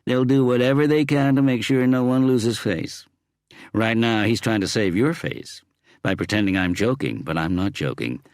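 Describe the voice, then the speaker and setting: A man's voice: deep voice, moderate pace, no echo, clean studio sound, voice pushed up. A man voicing a blunt, assertive woman homicide inspector with an American accent. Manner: blunt, loud and clear.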